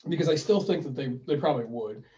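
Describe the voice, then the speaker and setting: A man's voice: on the high side, quick pace. A male podcast co-host in casual chat, giving money advice and acting out phone calls as he tells stories. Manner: animated storyteller, acts out phone calls. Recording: roomy, distant, dull sound.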